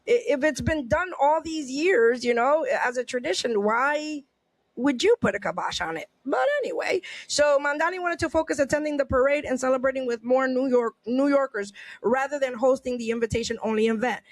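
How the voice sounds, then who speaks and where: A woman's voice: high-pitched, normal speed, no echo. Woman, podcast host, indignant and rambling, dry close mic. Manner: indignant, many restarts and rhetorical questions. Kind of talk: casual podcast chat, reading news aloud.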